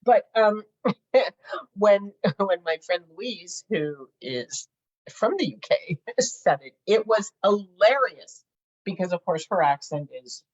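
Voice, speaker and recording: A woman's voice: medium pitch, animated, slow. A middle-aged woman hosting a crafting video, chatting casually, giggling and thinking aloud as she works. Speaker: crafting channel host. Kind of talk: casual crafting tutorial chat. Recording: dull lo-fi home recording.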